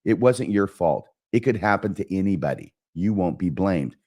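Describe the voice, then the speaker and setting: Low-voiced man explaining a text. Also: lively intonation, normal speed, darkish tone. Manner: explanatory, paraphrasing verse. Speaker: host. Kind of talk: literature lesson.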